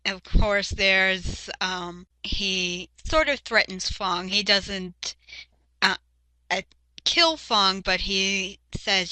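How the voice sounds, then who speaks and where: A woman's voice: mid-range voice, extremely slow, bright, forceful tone, dry recording, low-quality recording. A young woman co-hosting a casual fan chat, sharing show trivia with lots of fillers. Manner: chatty, shares trivia with hesitant fillers. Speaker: podcast co-host.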